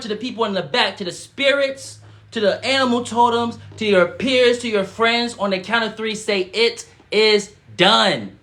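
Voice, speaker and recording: A man's voice: high voice, normal speed, pushed and bright. A man leading a livestream of spiritual affirmations and guided breathing, emphatic and casual, with lots of call-and-response and repeated phrases. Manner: casual slangy speech.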